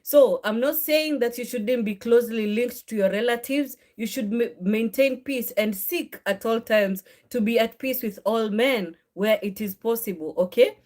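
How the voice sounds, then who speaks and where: A woman's voice: a little high, normal speed, few pauses, a little mellow. A woman giving an informal Bible teaching, earnest and conversational, often ending phrases with a questioning "okay?" and correcting herself as she goes. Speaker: faith and marriage channel host.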